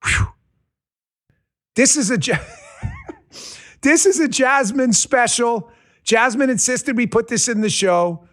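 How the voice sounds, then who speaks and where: A man's voice: very high-pitched, slow pace, long pauses, fairly bright tone. A middle-aged man from New York hosting a podcast, talking in a loose, joking way with rambling asides. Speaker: podcast host. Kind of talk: casual political podcast talk.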